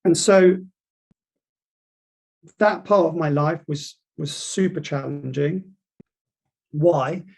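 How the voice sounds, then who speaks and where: A man's voice: on the high side, gravelly, a little mellow. A man in his forties telling his career story to university students, acting out conversations as he goes. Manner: storytelling, acts out dialogue, frequent restarts. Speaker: property industry guest speaker. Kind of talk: motivational talk to students.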